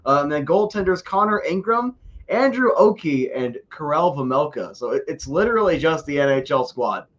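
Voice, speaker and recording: A man's voice: fairly high pitch, lively intonation, normal speed, muffled recording. A man co-hosting a casual sports podcast, joking and rambling and often repeating words as he talks. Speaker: podcast co-host.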